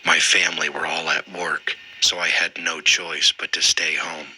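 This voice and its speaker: A man narrating a scary first-person story in a steady, scripted way. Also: a bass voice, normal speed, a little hiss or hum, low-quality recording.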